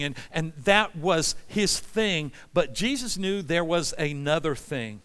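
A man preaching a sermon with passion, swinging between loud pleas and hushed, quiet lines. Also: a little high, expressive, a little slow, few pauses, clean tone. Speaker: pastor. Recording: long hall reverb.

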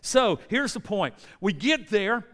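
An American preacher delivering a lively sermon in a church, telling a story with energy and pulling the congregation in. His speaking voice sits on the higher side for a man. A long hall reverb hangs after his words. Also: slow pace. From United States. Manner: animated storyteller, often checks in with the congregation.

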